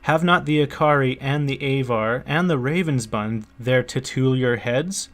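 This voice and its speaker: A man's voice: medium pitch, a little slow, lightly acted. A man reading an audiobook, voicing an earnest male merchant who urges a prince to claim a throne, in a pleading, persuasive manner. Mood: urgent.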